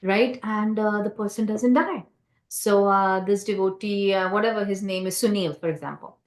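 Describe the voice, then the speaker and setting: Woman, temple class speaker, storytelling, hesitant with many fillers, mid-pitched voice, echoey hall. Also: normal speed. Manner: conversational, checking in with "right?".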